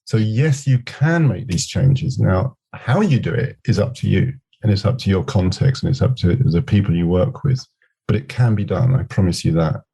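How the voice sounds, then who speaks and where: Middle-aged guy on a podcast, gravelly and husky, thinks out loud with little stories. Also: low voice, moderate pace. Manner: reflective, uses anecdotes and quoted dialogue. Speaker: podcast guest, scrum master. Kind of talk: conversational interview.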